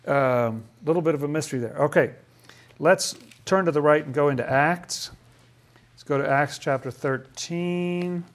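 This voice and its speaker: A man's voice: on the high side, normal speed. A man leading a casual Bible study, thinking aloud and asking questions about the passages.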